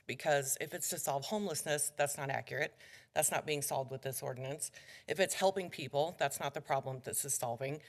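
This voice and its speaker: A woman resident giving public comment in a council chamber, out of breath and urgent, pressing pointed questions. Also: sits low. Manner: urgent, questioning, somewhat jumbled.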